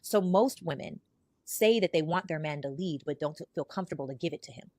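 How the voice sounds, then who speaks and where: A woman's voice: sits low, a little fast, darkish tone, no room sound. A woman guest on a podcast, confidently explaining her views and acting out little quoted exchanges. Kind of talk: casual talk giving opinions.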